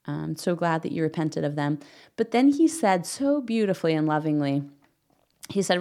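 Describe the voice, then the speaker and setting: Low-pitched middle-aged woman, podcast host; earnest, gentle prayer and teaching read. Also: very animated, normal speed.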